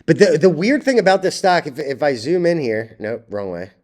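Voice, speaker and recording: A young man with a fairly high, animated voice and a darkish tone hosts his own stock market video at a moderate pace. He rambles bluntly through the charts, swearing and often starting over.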